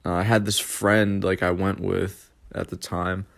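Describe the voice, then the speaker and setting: A man's voice: low-pitched, level tone, a little slow, gravelly. Casual, profane young man storyteller. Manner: rambling, profane, many fillers and restarts. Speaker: podcast host.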